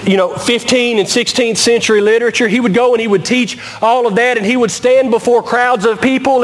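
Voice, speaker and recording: High-voiced pastor preaching in a hall. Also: male voice. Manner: repetitive, emphatic phrasing with drawn-out words. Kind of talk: sermon. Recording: long reverb of a large hall.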